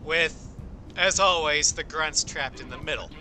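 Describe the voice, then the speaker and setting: A man's voice: a little high, measured pace, bright, forceful tone, a little hiss or hum. A man streaming a game, chatting casually and musing on history with rambling asides and fillers. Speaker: livestreamer. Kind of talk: casual chat while gaming.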